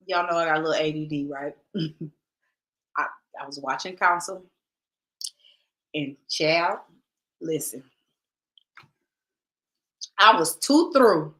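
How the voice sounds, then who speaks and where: A woman hosting a podcast, chatting casually with her viewers and reading their comments in a lively, direct way. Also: sits low. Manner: lively, talks straight to viewers, drawn-out "child, listen". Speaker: podcast host.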